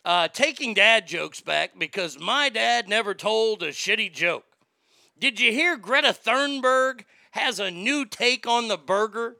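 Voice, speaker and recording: A man in his late forties hosting a live show, ranting crudely and mockingly, swinging between loud outbursts and mutters. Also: sits high, animated, measured pace, vocal fry, no echo. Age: late 40s. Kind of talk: crude comedic rant.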